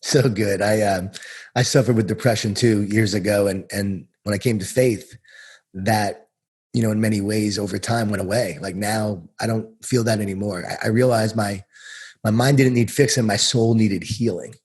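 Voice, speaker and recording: A man's voice: fairly low pitch, fairly even intonation, normal speed, darkish tone, breathy edge. A man hosting a podcast interview, encouraging and affirming his guest as he asks questions. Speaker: podcast host. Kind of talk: conversational interview.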